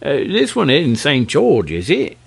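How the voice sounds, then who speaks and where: A man's voice: mid-range voice, wildly swooping pitch, measured pace, vocal fry, breathy edge, pitched above the performer's own voice, heavily acted. A man reading aloud and voicing a proud, fussy male dragon who speaks in a prim, reproachful, pompously polite way. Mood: musing.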